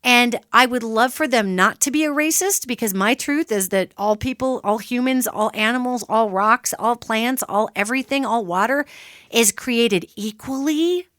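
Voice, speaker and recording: Lively woman radio host, fairly high voice, talks straight to listeners, dry sound. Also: normal speed, dry recording. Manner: animated, emphatic, conversational teaching; addresses listeners directly. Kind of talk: solo radio talk.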